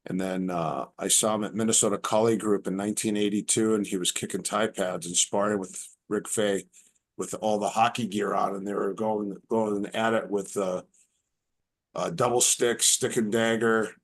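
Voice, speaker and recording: A man's voice: fairly low pitch, fairly even intonation, moderate pace. A middle-aged man, a podcast guest, telling rambling personal stories in casual chat and acting out what people said. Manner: rambling anecdotes with acted-out quotes. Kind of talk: casual storytelling.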